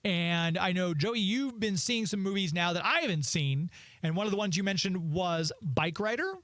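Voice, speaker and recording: Man, high voice, dry sound, easygoing radio host, casual chat. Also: animated, normal speed, a bit bright, dry recording. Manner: easygoing, laughs often. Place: radio studio.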